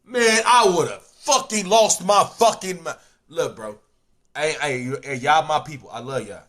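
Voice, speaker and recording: A young man reacting to a video in casual commentary, loud and animated, riffing in heavy slang and profanity. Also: on the high side, unhurried.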